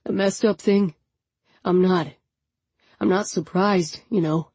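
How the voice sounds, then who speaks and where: A woman voicing a hoarse, grieving young man. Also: on the low side, steady tone, takes it slowly, a little mellow, no echo, heavily acted. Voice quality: thick, husky voice. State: hoarse, choked with grief. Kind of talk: audiobook reading.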